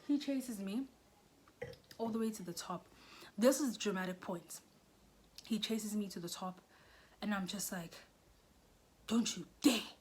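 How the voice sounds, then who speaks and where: A young South African woman telling a storytime vlog, animated, often dropping into whispers and rising into shrill bursts. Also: a little slow, long pauses, slight background noise. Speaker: YouTuber.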